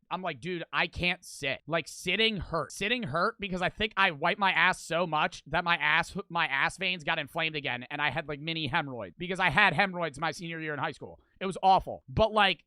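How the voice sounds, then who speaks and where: High, bright-voiced young man ranting. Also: no echo. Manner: animated, profane, repetitive storytelling. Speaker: streamer. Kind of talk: casual storytelling.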